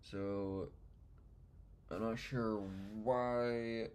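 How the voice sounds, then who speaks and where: A man's voice: lowish voice, steady tone, drawn-out words, a little mellow, slight background noise. A man working through coding exercises and thinking aloud in a loose, muttering way, often trailing off. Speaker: beginner programmer. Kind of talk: casual screen-recorded coding session.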